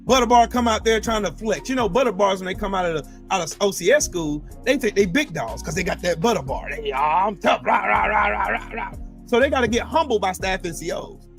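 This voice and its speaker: A middle-aged man hosting a podcast, telling military stories in a casual, profane and animated way. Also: fast, few pauses, soft background music. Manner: animated, profane, swings between loud and low. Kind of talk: casual storytelling chat.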